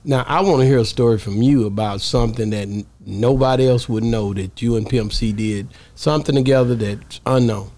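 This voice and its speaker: A man hosting a casual interview, relaxed and enthusiastic as he asks questions. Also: mid-range voice, brisk, hardly any pauses. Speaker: interview host.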